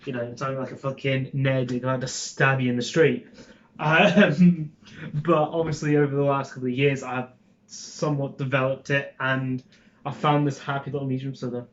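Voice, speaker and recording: A man's voice: mid-range voice, little pitch movement, moderate pace, muffled recording. A young Scottish man with a Scottish accent, chatting casually to camera in a rambling, informal way, with lots of ums and swearing. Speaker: vlogger.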